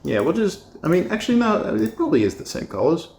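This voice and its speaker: A man's voice: sits high, big pitch swings, fast, vocal fry, a little mellow. Self-mocking man, echoey room. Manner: self-mocking, muttering to himself, laughing at his mistakes. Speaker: design video creator. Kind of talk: casual think-aloud commentary while designing. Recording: echoey room with a poor mic.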